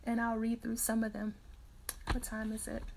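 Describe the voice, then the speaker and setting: A woman's voice: on the high side, completely flat delivery, normal speed, creaky, heavy background noise. A woman hosting a morning Bible-reading livestream, chatting casually and reading out viewer comments, laughing often. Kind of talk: casual chat with live viewers.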